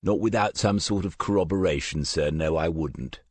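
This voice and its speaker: A man's voice: sits low, normal speed, husky, dry recording. A man reading as a polite, dogged police sergeant. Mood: dry. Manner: polite, dry, understated. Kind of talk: audiobook character reading.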